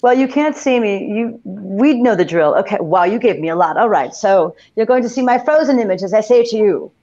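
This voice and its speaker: A woman's voice: mid-range voice, animated, brisk, dark tone, highs cut off. A woman guest on a video call, wry and self-deprecating in casual chat. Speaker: guest actress.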